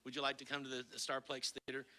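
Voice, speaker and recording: A middle-aged male comedian co-hosting an online show, telling stories in casual chat, animated and swearing freely. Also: mid-range voice, rapid-fire, dry recording, poor audio. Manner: animated, swears freely, bursts into loud laughter. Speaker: comedian and co-host of an online concert series.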